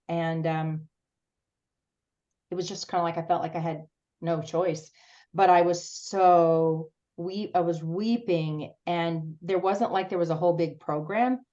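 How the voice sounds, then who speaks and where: As a guest at a support group, a woman shares a personal story earnestly but haltingly, restarting often. Her voice is lowish with a dark tone, and the recording sounds muffled.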